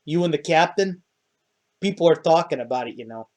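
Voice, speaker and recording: A man's voice: a little high, expressive, a little fast, a little mellow, natural voice. A man voicing a wry, gossiping adult male crossbowman who talks in a drawling, teasing way.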